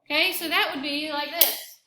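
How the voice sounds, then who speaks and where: A woman's voice: sits high, fairly even intonation, moderate pace, echoey room, background noise. A woman choir teacher leading a classroom demonstration, upbeat and counting rhythms aloud in syllables. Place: school classroom.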